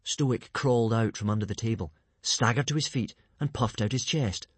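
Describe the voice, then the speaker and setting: A man reading a story aloud with lively, dramatic narration. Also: medium pitch, normal speed, breathy edge, no echo.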